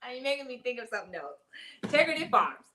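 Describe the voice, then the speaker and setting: A woman's voice: fairly high pitch, animated, racing, fairly bright tone. A woman hosting a casual ministry talk show, chatting and reading out viewer comments. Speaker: host.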